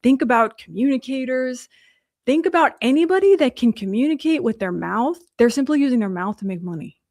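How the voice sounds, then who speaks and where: A woman coach giving a livestream teaching talk, telling her story in an animated way and speaking straight to her viewers, with quick restarts. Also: high-pitched, no room sound, clean studio sound.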